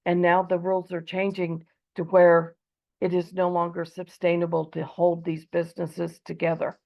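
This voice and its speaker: Husky-voiced woman from Eastern Oregon. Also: lowish voice, monotone, moderate pace, highs cut off. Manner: earnest, with frequent ums. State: losing her voice. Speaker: debate speaker. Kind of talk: prepared debate speech.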